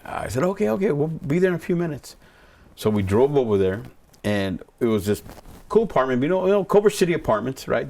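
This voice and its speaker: A man's voice: on the low side, a little mellow. A man, a pastor, telling a personal story in a rambling way, repeating words and acting out what people said. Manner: rambling, repeats words, acts out quoted voices.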